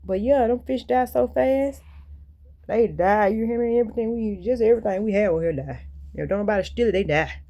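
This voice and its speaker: Vlogger, female, gravelly voice, rambling and blunt monologue to camera. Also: medium pitch, a little fast, warm tone. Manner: rambling, candid and venting; colloquial and blunt. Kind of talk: casual monologue to viewers.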